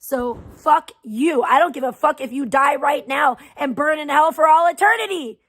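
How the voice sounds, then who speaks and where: A woman's voice: high voice, normal speed, fairly bright tone. A woman hosting a livestream, ranting heatedly with constant swearing and insults. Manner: profane, heated, venting. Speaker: livestream host. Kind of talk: angry livestream rant.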